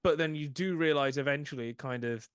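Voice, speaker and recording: A man's voice: fairly high pitch, brisk, fairly bright tone, clean tone, no echo, studio quality. Man chatting about films. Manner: hesitant, many restarts, acts out quotes. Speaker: podcast co-host. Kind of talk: casual film discussion.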